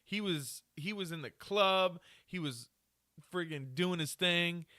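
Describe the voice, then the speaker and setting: A man's voice: sits high, slow pace, sharp tone, no echo, clean studio sound. A man hosting a solo podcast, ranting crudely with lots of swearing and laughing at himself. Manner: self-mocking, laughs at himself. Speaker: podcast host.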